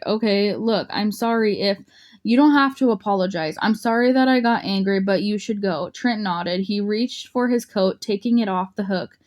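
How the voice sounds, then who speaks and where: A woman's voice: mid-range voice, darkish tone. A woman narrating an audiobook, voicing the dialogue lightly, with small slips and restarts. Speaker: audiobook reader.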